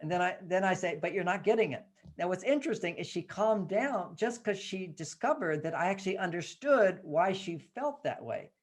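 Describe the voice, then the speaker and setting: A man, a guest in an interview, telling a parenting story in an animated way and acting out the dialogue. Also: high-pitched, moderate pace, few pauses. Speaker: guest author.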